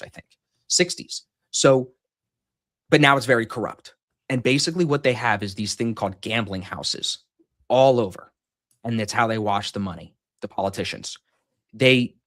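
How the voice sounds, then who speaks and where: A man telling a long gambling story in casual chat, swearing freely and acting out what people said. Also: lowish voice. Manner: animated, profane storytelling, acts out quotes loudly. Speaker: podcast host telling a story.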